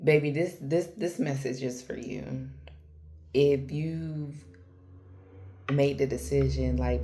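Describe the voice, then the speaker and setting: With slight background noise, a woman's rumbling low voice moves slowly, with fairly even intonation and frequent pauses. She's a spiritual vlogger giving a heartfelt, slangy talk to camera, calling viewers girl and baby, trailing off and restarting, and turning softer and more intimate as she closes.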